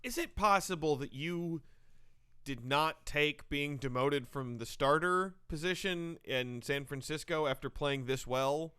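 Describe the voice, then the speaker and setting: A man's voice: fairly high pitch, a little slow, pushed and bright, clean tone. A man co-hosting a comedy sports podcast, firing off incredulous, pointed questions. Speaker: podcast co-host.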